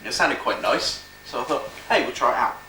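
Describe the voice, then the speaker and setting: A man's voice: medium pitch, fairly quick, sharp tone. Man, casual chat, easygoing, inside stone hut, roomy echo, away from mic, noisy camcorder audio. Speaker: friend on camping trip. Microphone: camcorder mic across the room. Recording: echoey, distant camcorder sound with noise.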